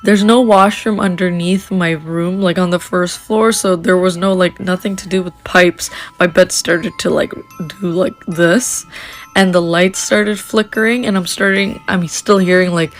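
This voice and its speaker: Young woman, lowish voice, rambling ghost-story telling, faint music underneath. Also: steady tone, a little slow. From Canada. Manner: rambling, lots of fillers and restarts. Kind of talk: casual storytelling.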